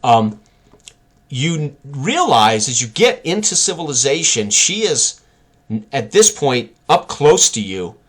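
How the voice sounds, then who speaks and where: A man's voice: mid-range voice, sing-song, unhurried, a bit bright. A man narrating a tabletop game as game master, describing scenes while he searches for words.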